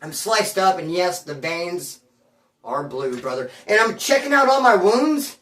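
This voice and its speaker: A man telling a story from his past in casual, slangy street talk, rambling and animated and calling the listener homeboy. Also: high voice, unhurried. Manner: rambling and animated, with sound effects. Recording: roomy sound from a distance.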